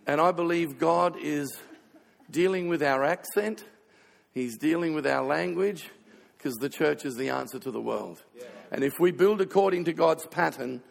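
A man preaching a sermon full of playful comic stories and quick asides. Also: a little high, vocal fry. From Australia. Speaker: pastor. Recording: long hall reverb.

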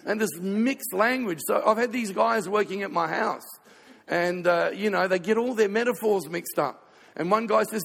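Gravelly high-voiced preacher. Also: male voice, fairly bright tone. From Australia. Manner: storytelling, playful, quick asides. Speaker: pastor. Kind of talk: sermon with comic stories. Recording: long hall reverb.

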